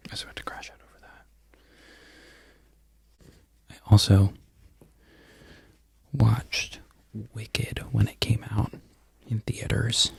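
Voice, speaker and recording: A man in a whispered ASMR ramble who loses his train of thought and laughs softly at himself. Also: fairly low pitch, little pitch movement, takes it slowly, gravelly, pauses often, slightly rough. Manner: mostly unvoiced whisper. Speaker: crochet content creator.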